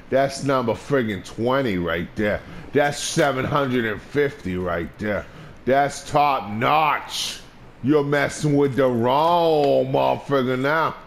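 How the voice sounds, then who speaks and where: Man, let's play commentary, taunting and profane, slow talker, faint hiss behind. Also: mid-range voice, a bit bright. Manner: trash-talking, profane, taunting; repeats short phrases over and over. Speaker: gamer.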